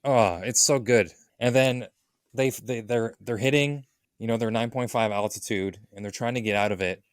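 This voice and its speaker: Lively recapping man, dry sound. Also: medium pitch, moderate pace, no echo. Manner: animated retelling, acts out quoted lines. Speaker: podcast co-host. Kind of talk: casual movie recap chat.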